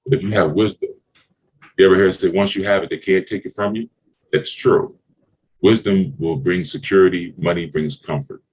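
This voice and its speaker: A man's voice: low voice, fairly even intonation, normal speed. A middle-aged man giving blunt, preachy business advice in a podcast conversation, swearing freely and hammering his points home. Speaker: business mentor. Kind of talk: motivational podcast talk.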